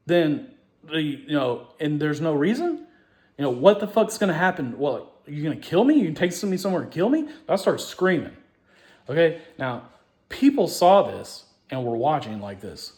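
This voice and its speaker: Rambling, profane man, loud and soft swings. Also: sing-song, normal speed. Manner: profane, rambling, repeats himself, restarts often; voice swings from low mutters to loud outbursts. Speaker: show host. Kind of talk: rambling personal storytelling.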